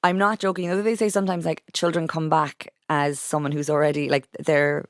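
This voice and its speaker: A woman hosting a podcast, chatting casually and animatedly with plenty of fillers. Her voice is smooth and resonant, recorded dry and close. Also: deep voice, little pitch movement, fairly quick, no echo. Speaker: podcast host. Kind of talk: casual chat.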